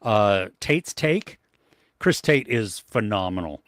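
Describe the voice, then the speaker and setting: A man's voice: on the low side, lively intonation, takes it slowly, a bit bright, no echo, studio quality. A man co-hosting a casual movie review podcast, enthusiastic, laughing often and trailing off mid-sentence. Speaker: podcast co-host. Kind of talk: casual chat.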